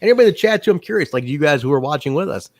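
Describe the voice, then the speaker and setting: A man co-hosting a casual chat, talking in an animated way, laughing often and acting out quotes he recalls. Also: fairly high pitch, rapid-fire, no room sound, clean studio sound. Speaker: podcast co-host.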